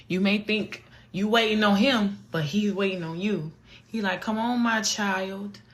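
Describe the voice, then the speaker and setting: A woman's voice: on the low side, husky. A woman vlogger giving a casual, earnest faith talk that often repeats her points and turns preachy.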